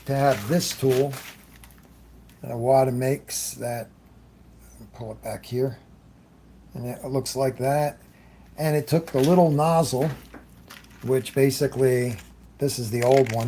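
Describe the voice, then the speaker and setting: A man's voice: mid-range voice, warm tone, a little hiss or hum. A man hosting a live airbrush demonstration, chatting loosely as he works, greeting viewers and often trailing off mid-thought. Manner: talks while working, trailing off often. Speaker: airbrush artist hosting a livestream.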